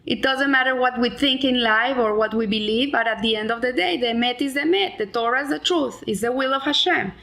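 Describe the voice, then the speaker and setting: A woman's voice: fairly high pitch, fairly quick, gravelly, hardly any pauses, fairly bright tone. A middle-aged woman explaining a weekly Torah lesson in an earnest way, with frequent restarts and Hebrew terms. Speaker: Torah teacher.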